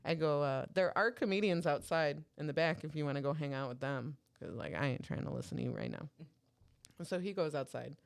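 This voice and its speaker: A woman with a somewhat low voice tells a story to her co-host in relaxed podcast chat. She swears freely and slips into each character's lines as she goes. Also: fairly quick, creaky. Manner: animated, swearing, acts out dialogue.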